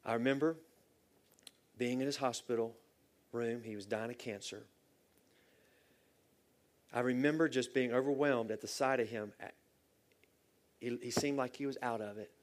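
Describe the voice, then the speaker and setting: A middle-aged man preaching from the pulpit in an earnest, emotional way. His voice sits at an ordinary pitch for a man. He tells stories with feeling, rising into loud bursts and dropping to soft, near-whispered lines. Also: steady tone, normal speed, long pauses. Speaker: pastor. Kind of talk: sermon.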